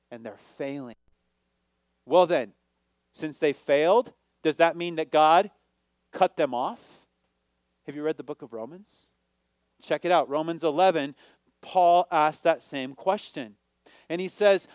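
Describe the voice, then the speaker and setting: A man preaching a sermon, asking his listeners questions and rising to near shouts on key points. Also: a little high, measured pace, pauses often, dry recording, clean studio sound. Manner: asks the audience questions.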